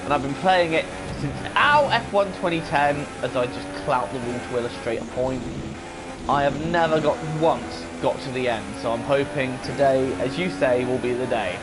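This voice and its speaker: A man's voice: medium pitch, moderate pace, background noise. A man hosting his own gaming video, with casual commentary full of crude jokes and banter. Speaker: gaming channel host.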